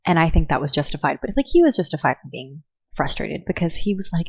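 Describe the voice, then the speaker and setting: A woman's voice: lowish voice, lively intonation, fast talker, a little mellow, husky, no echo. A young woman, telling a personal story in casual podcast chat with many fillers. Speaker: podcast co-host.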